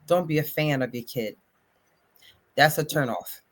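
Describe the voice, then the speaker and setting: A middle-aged woman, a parent of athletes, answering interview questions in an animated way and acting out quoted voices. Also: low-pitched, measured pace.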